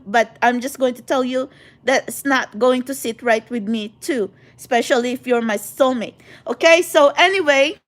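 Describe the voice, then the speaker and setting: High-voiced woman ranting in a vlog. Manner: rambling and emphatic, often tagging "okay?". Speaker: spiritual vlogger addressing her followers. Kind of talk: casual vlog monologue.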